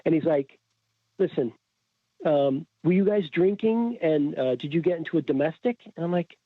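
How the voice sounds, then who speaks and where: Podcast guest, Connecticut man, lively retelling with many restarts, lo-fi phone-quality audio. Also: sits high, moderate pace, dry recording. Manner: animated, acts out quoted voices, frequent restarts. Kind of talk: storytelling in a casual chat. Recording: tinny phone-like audio, dry.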